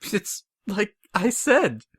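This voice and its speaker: A sly mare pony mayor in a storybook reading who giggles through her fake sympathy, as a man puts her on. Her voice sits high and wanders up and down. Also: huge pitch swings, extremely slow, a bit bright, breathy edge, full character voice.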